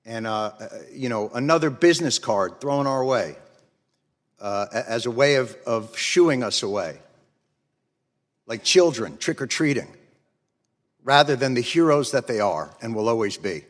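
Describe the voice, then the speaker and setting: A man giving impassioned, angry testimony at a hearing, blunt and building to forceful emphasis. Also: mid-range voice, animated, a little slow. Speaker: witness testifying before Congress. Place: large hearing room. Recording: long reverb of a large hall.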